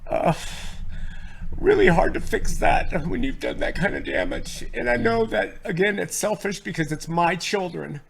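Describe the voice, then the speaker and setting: A middle-aged man speaking as an interview guest, earnest and self-reproaching, emotional, his voice swinging from a low murmur to loud. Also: huge pitch swings, normal speed, gravelly, a little hiss or hum.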